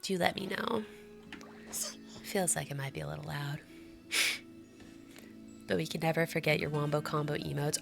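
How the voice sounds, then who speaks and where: A woman's voice: sits low, fairly even intonation, moderate pace, creaky, pauses often, over music. A young adult woman streaming live, chatting with her viewers in a bubbly, giggly, gushing way.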